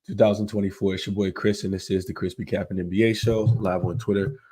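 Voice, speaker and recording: A man's voice: low-pitched, fairly even intonation, quick pace, dark tone, husky. A man hosting a sports betting show in casual chat, congested from illness, rambling with many fillers and restarts.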